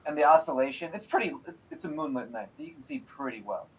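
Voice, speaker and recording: Male game master, husky voice, loose and profane, chuckles through his narration of a live tabletop session. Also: fairly high pitch, big pitch swings, fast, fairly bright tone, low-quality recording. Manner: casual, laughs often, swears freely. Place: streamed online game session.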